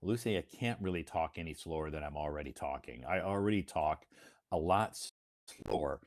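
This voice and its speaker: A man with a deep, low voice and an American accent hosts a casual live stream as an English teacher. He talks slowly and deliberately, on purpose, with plenty of "uh" and "um" fillers and small restarts. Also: lively intonation. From United States. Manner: slow, deliberate delivery with frequent fillers.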